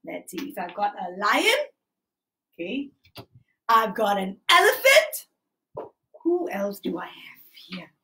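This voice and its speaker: A woman's voice: medium pitch, huge pitch swings, slow pace, long pauses, noisy background. A young woman from Malaysia leading a live-streamed lesson for small children, exclaiming and talking in a sing-song way. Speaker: children's class teacher. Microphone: phone or camera on a livestream.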